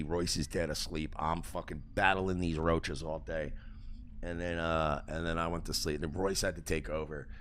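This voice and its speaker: A man hosting a livestream, telling a story in a profane, animated rant. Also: sits low, slight background noise. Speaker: host.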